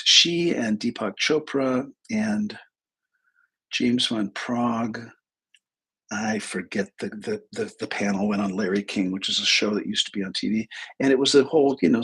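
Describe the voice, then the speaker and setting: Man, husky voice, low pitch, middle-aged, rambling casual talk, livestream host. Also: a bit bright, rough recording. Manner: rambling, anecdotal, many restarts and asides. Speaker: host, psychic and intuitive teacher.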